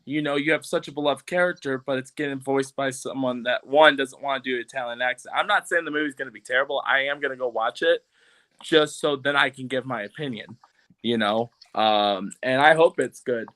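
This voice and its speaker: A man's voice: mid-range voice, brisk, fairly bright tone. A man co-hosting a casual podcast, rambling with lots of fillers, his voice a little off today. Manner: rambling, filler-heavy, does cartoon voice impressions. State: voice slightly off, unwell. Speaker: podcast co-host. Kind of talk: casual chat. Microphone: video call setup, sitting back from the camera.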